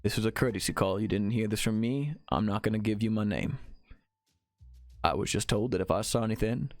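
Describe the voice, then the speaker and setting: A man voicing a guarded anonymous male informant giving a tip over the phone, speaking slowly and deliberately. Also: fairly low pitch, no echo, clean studio sound, lightly acted.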